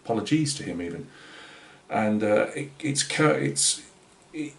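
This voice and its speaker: Northeast English man, hobby channel host, chatty and halting, low voice, roomy echo. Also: expressive, creaky. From Britain. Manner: rambling and hesitant, many fillers and restarts. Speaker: scale-modelling channel host. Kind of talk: casual vlog chat. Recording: roomy echoey room.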